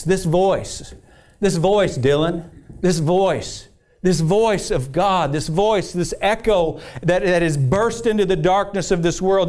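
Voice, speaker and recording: A man's voice: high voice, a little mellow. A man preaching a sermon with passion, repeating phrases and reading scripture aloud. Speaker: pastor.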